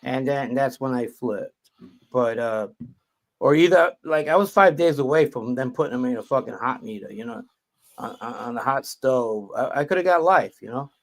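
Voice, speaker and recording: A man's voice: mid-range voice, animated, moderate pace. A man, a guest on a call-in show, telling a profane story and acting out what other people said. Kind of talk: casual storytelling. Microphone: video call.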